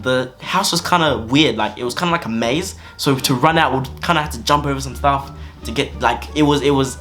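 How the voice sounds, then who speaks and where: A young man telling a storytime vlog story in an animated, slangy way. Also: medium pitch. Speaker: vlogger. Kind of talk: storytime narration.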